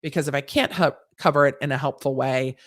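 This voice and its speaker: Her voice is extremely low and steady, moving a little fast, as she hosts a legal commentary stream and fields viewer questions. She keeps it casual and sassy, mixing slang into legal points with frequent asides and restarts.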